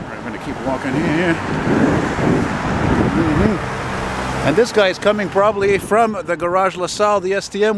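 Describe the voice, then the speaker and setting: A middle-aged man with a slightly high voice chats loosely and swears freely while walking a city street. Traffic and street noise fill the outdoor recording from a handheld camera mic. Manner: chatty, swears freely, spots buses and trucks. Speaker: vlogger filming a street walk. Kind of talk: casual rambling commentary.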